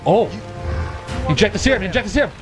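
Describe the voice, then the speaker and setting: A man commentating his own playthrough, excitable and shouting at the screen, swearing as he goes. His voice is high and leaps wildly in pitch. Game music plays clearly under him. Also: quick pace. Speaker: gaming channel host. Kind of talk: let's play commentary.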